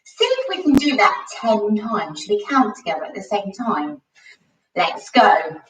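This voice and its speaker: A woman's voice: medium pitch, big pitch swings, measured pace, fairly bright tone, roomy sound, distant mic, highs cut off. A woman coaching a children's home workout, cheerful and encouraging and a bit out of breath from exercising. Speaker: kids' gymnastics coach.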